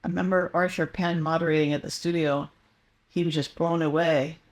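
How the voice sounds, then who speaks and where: A woman's voice: deep voice, fairly even intonation, a little fast. Older female guest, loose and rambling storyteller, lots of ums and self-corrections. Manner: rambling, meandering anecdotes with many fillers and restarts. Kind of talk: casual interview storytelling.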